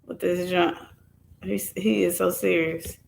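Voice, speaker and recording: A woman's voice: on the low side, flat delivery, slow pace, gravelly, darkish tone, a little hiss or hum. A woman hosting her own channel, commenting casually on clips she plays. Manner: chatty, reacting to clips. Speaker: channel host.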